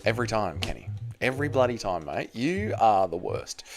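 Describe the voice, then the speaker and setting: A man's voice: lowish voice, big pitch swings, moderate pace, soft background music. A man with an Australian accent hosting a live stream, reading chat aloud, swearing freely and teasing his viewers.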